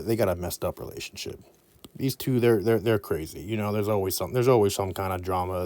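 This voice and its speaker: Guy teaching mnemonics, low mellow voice, goofy rambly asides. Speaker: anatomy teacher. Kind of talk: mnemonic lesson.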